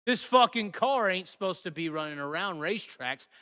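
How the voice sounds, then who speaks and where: Profane, ranting man, high voice. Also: expressive, moderate pace, clean tone, big-room sound. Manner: heated, profane, shifts from shouting to muttering. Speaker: host. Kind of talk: angry live rant.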